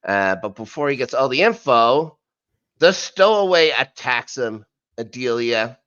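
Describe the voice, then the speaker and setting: A man's voice: mid-range voice, expressive, measured pace, a bit bright, smooth, no room sound, muffled recording. A man co-hosting a podcast, recapping an episode in a casual, rambling way with many fillers and asides. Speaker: podcast co-host. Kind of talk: casual rewatch recap chat.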